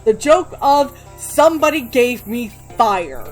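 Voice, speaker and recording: A woman's voice: fairly high pitch, very animated, takes it slowly, faint music behind. A woman hosting a let's play, chatting casually and swearing freely while she reads the game's dialogue aloud. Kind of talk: gameplay commentary.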